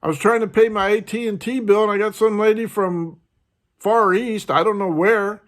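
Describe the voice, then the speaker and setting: A man's voice: steady tone, normal speed. A man hosting his own vlog, ranting in a frustrated, casual way about bad customer service. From United States. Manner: frustrated, ranting, mimics others in a higher voice. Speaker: host.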